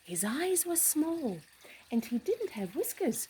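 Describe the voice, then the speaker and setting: Animated woman reading a storybook. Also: sits high, takes it slowly, poor audio. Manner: animated, with gasps, hushed asides and questions to the listener. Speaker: storybook reader. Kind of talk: reading a picture book aloud to children.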